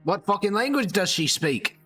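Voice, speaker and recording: Gruff suspicious dwarf guy barking threats, pitched way up high, a man putting it on. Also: very animated, normal speed, sharp tone, faint music behind, exaggerated voice. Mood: scornful. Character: gruff hostile male dwarf holding hostages.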